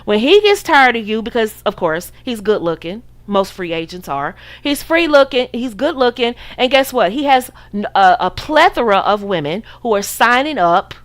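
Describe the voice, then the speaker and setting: A woman's voice: on the high side, very animated, moderate pace, hardly any pauses. Sassy American woman giving advice. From United States. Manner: preachy, sassy, acts out the listener's voice. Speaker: podcast host. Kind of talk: casual advice talk.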